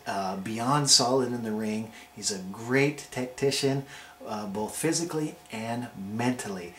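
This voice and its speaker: A wrestling show reviewer hosts a casual video review, hyping each name in a playful ranking countdown. His middling-pitched voice is a bit bright, and the room echoes around him over a faint hiss of noise.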